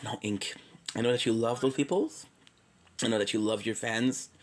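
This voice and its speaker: A man's voice: medium pitch, moderate pace, poor audio. A man from Quebec, Canada, rambling through a joking, tangent-filled casual monologue and swearing freely. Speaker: streamer.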